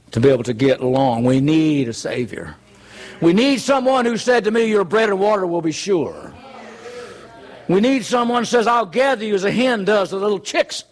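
A man preaching a sermon in an earnest, conversational way, full of rhetorical questions. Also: sits high.

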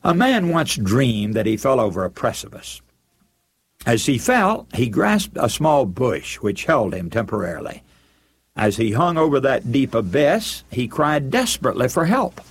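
A man preaching an earnest, measured sermon, building emphasis with rising phrases. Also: mid-range voice, very animated, husky.

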